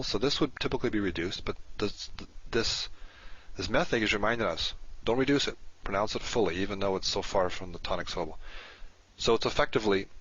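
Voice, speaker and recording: Low husky man teaching slowly. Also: fairly bright tone. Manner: patient, explanatory, slows to spell out words. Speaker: Hebrew teacher. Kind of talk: recorded lesson. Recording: dull lo-fi recording.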